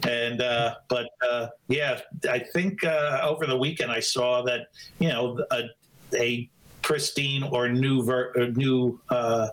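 A man's voice: medium pitch, slow, slight background noise, rough recording. Easygoing New man. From New Jersey. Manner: relaxed, self-deprecating, with fillers. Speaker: guest author and illustrator. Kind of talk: casual interview chat.

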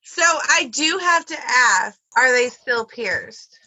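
Woman cohost, high voice, slow, jokes around. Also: animated, bright, forceful tone, breathy edge, poor audio. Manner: reacts with laughs and quips. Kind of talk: casual chat.

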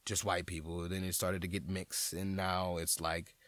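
A man's voice: low-pitched, level tone, moderate pace, a bit bright, no echo. Profane New Orleans man rambling on a podcast. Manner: rambling, profane, stop-start with many restarts. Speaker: comedian and podcast host. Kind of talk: casual solo podcast talk.

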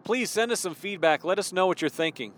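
A male podcast preacher with a high voice that has a bright, forceful edge. He speaks fervently and rambles, and he keeps circling back to repeat his main points for emphasis. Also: brisk, slight background noise. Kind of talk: impassioned podcast sermon.

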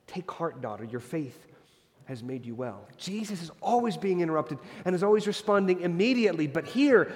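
A man preaching an expository sermon, moving between emphatic lines and hushed ones. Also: high-pitched. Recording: hall reverb.

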